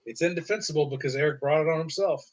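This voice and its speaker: Casual co-host, somewhat high-pitched man, animated, profane, does voices. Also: rapid-fire. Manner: animated storyteller, acts out quotes in a high voice, swears. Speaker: podcast co-host. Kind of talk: casual chat.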